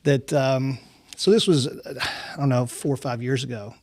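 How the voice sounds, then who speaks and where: A man from Kentucky, a company executive, telling relaxed anecdotes in a podcast interview, with lots of "you know". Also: medium pitch, moderate pace, dry recording, clean studio sound. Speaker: racetrack company executive, guest. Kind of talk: casual storytelling in a podcast interview.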